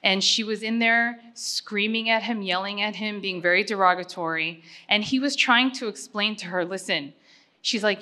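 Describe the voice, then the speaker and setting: A woman's voice: mid-range voice, normal speed, sharp tone. A middle-aged woman giving a personal acceptance speech at a gala, talking earnestly and conversationally with frequent fillers.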